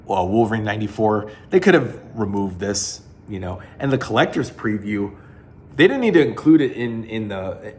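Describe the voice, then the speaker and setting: A man's voice: on the low side, slight background noise. A man giving a casual, rambling spoken review of a comic book collection, blunt and full of fillers and restarts.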